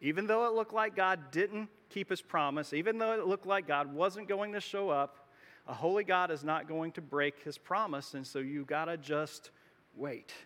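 A man's voice: fairly high pitch, moderate pace, a bit bright. A man pastor preaching a sermon in a conversational way, often restarting his phrases. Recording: long hall reverb.

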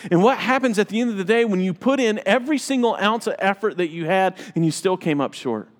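A man's voice: high-pitched, animated, fairly quick, hardly any pauses, long reverb tail. A man preaching a sermon as a pastor, emphatic and repeating phrases for effect.

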